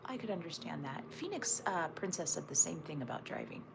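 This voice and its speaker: A woman's voice: deep voice, brisk, gravelly. Chatty woman half-whispering to her stream. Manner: chatty, answers viewer comments, often drops to a whisper. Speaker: livestream host. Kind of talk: casual livestream chat with viewers. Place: at home looking out over a snowy backyard. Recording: steady background noise.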